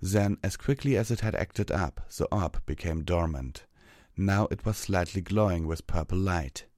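A man reading a fantasy story aloud as narrator, steady and measured. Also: low voice, no echo, studio quality.

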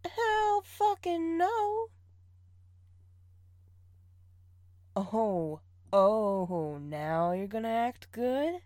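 A woman's voice: mid-range voice, expressive, slow, no room sound, clean studio sound. A young woman in an audio role-play, playing a bossy partner who teases, scolds and laughs often. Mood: teasing.

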